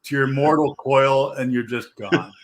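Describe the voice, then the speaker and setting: A man's voice: medium pitch, a little slow, slight background noise. A man hosting a casual chat, rambling and searching for his words.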